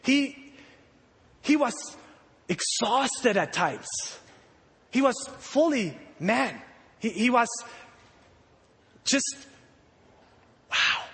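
A man preaching a sermon to children and a congregation, telling the story with animated energy and acting out the voices of the disciples. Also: extremely high pitch, extremely slow, long pauses. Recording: long hall reverb.

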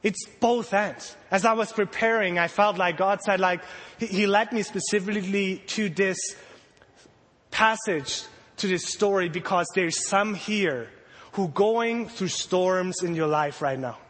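A man preaching in a high, light voice that carries a long reverb through a large hall. He tells the story with animated energy and slips into the voices of panicked disciples. It sounds like a sermon to children and a congregation. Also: measured pace.

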